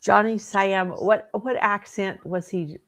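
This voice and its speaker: A woman's voice: medium pitch, fairly even intonation, slow. A woman on a casual live stream, mostly giving short agreeing replies and asking curious questions.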